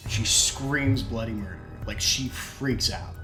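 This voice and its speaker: Man, casual storyteller, animated, jumps into character voices, mid-pitched, faint music behind. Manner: animated, acts out characters' lines in quick put-on voices. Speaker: storyteller telling a long joke. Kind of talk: casual chat.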